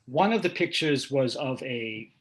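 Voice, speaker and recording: An older man hosting a casual conversation, telling stories in a measured, thoughtful way with frequent hesitations. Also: medium pitch, lively intonation, echoey room. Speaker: host.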